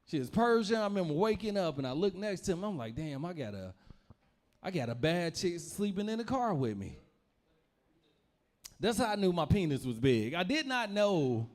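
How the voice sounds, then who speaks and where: A man's voice: high-pitched, big pitch swings, moderate pace, a little mellow. A young man from Louisville, Kentucky, doing a stand-up comedy set in a loose, rambling storytelling manner with repeated phrases.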